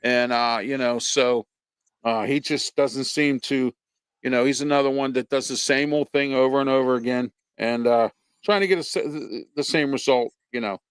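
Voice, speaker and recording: A man's voice: medium pitch, steady tone, moderate pace, smooth, no room sound. A man hosting a casual football talk stream, blunt and rambling with lots of fillers. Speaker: sports show host.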